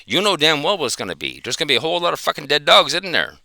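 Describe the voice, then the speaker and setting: Fired up guy ranting fast, super bright edgy voice, dry close mic. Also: on the high side, very animated, creaky, dry recording. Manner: ranting, confrontational, profane. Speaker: dog trainer and video commentator. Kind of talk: angry reaction commentary.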